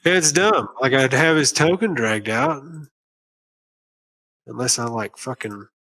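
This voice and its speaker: A man's voice: medium pitch, measured pace, sharp tone, poor audio. Casual male game master running a tabletop game. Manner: casual, swears, narrates in bursts.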